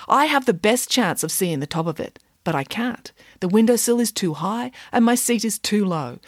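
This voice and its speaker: Woman as calm schoolgirl detective, precise, clipped, lively tone, dry sound. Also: fairly high pitch, dry recording, voice pushed up.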